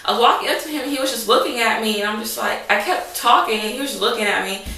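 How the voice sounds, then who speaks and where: A woman's voice: a little high, fast, gravelly, pushed and bright. Young woman telling a dramatic story. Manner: rambling, dramatic, lots of "like". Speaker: vlogger. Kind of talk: casual storytelling. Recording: roomy echo, mic at a distance.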